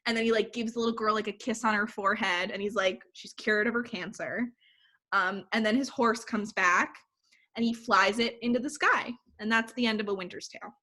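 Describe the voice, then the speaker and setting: Woman, casual chat, animated movie recap, lots of "like". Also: a little high, brisk. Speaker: podcast co-host.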